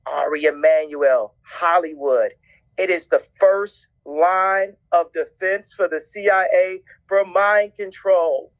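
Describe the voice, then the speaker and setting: Man with a high speaking voice, rambling interview guest who laughs into his stories. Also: slow pace, rough recording. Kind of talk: casual conversation.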